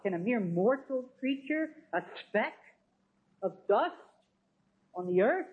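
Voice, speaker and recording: Lively preacher on a tinny line. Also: medium pitch, a little slow. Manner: emphatic, asks rhetorical questions. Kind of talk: sermon. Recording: tinny, phone-like sound.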